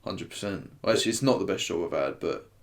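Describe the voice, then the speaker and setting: A man's voice: deep voice, expressive, quick pace, vocal fry. A young man, a podcast guest chatting casually and laughing as he reminisces, with frequent restarts and fillers. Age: young adult. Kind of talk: casual chat.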